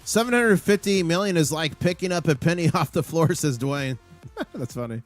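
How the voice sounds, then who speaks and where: Man, livestream host, excitable market commentary, rattles off prices, slightly high voice. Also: moderate pace, soft background music.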